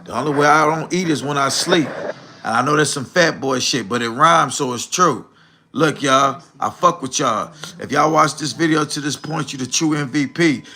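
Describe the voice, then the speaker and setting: A man's voice: a little high, moderate pace, pushed and bright. A man hosting a livestream, bluntly ranting and lecturing his viewers directly. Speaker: livestream host. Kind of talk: live commentary rant.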